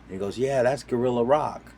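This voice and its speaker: A man casually telling a story, animated, jumping between loud quoted voices and quiet asides. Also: mid-range voice, brisk, creaky, a little hiss or hum. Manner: animated, acts out quoted voices with sudden loud and soft swings. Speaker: storyteller on a talk show.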